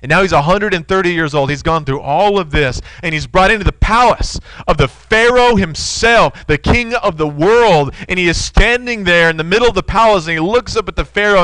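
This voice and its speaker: A man's voice: high voice, moderate pace, hardly any pauses, a bit bright, smooth, no room sound, rough recording. A man in his thirties preaching a sermon, earnest and storytelling, speaking to his listeners as friends.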